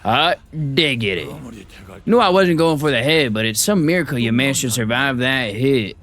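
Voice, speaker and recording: A man's voice: medium pitch, expressive, moderate pace, a bit bright, soft background music, natural voice. A man putting on a folksy Southern-drawl swordsman. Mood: cocky teasing. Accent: put-on American Southern drawl. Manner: cocky, folksy, teasing. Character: brash male blade warrior, folksy drawl.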